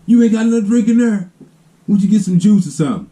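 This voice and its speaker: A man's voice: mid-range voice, normal speed, mellow, pitched above the performer's own voice, lightly acted. A man voicing his uncle as a grumpy older relative who scolds and threatens the kids. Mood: angry.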